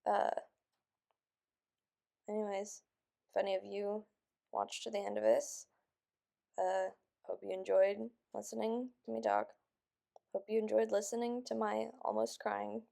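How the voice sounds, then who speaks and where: A woman's voice: medium pitch, vocal fry, dark tone. A young woman venting in a rambling vlog, frustrated and stressed, sounding close to tears and just woken up. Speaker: vlogger.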